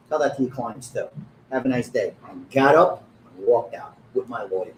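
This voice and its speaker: A man's voice: mid-range voice, lively intonation, moderate pace. A middle-aged man, a pizzeria owner telling his story bluntly and animatedly, acting out the quoted dialogue. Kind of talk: storytelling in an interview. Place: back room of a pizzeria under construction. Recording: echoey room with construction noise.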